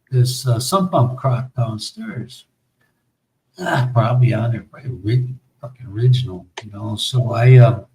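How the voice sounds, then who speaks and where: The recording is rough, and the American podcast host's mid-range voice is a little mellow. He rambles through a long story in casual conversation, cursing frequently, using fillers, and starting sentences over.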